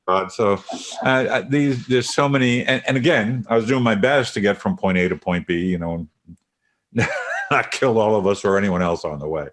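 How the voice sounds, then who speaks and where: A man's voice: medium pitch, expressive, normal speed. A middle-aged man hosting a casual podcast conversation, affirming and guiding the talk. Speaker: podcast host.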